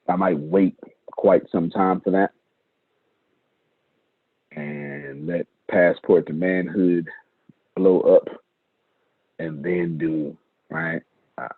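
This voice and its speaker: With an extremely low, husky voice, a man coaches his team during a live online meeting, emphasizing things and repeating phrases for effect. It's captured on a video call with dry, tinny, phone-like sound.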